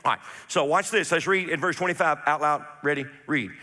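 A male pastor delivers a sermon in a high, bright, ringing voice. He preaches emphatically, repeating key phrases and calling for responses from the congregation. The sound carries a long reverb, as in a church hall. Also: fairly quick.

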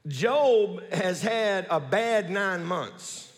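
A man preaching a sermon in a church, animated and folksy, with joking asides to the congregation. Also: sits high, extremely slow, in a large hall. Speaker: pastor.

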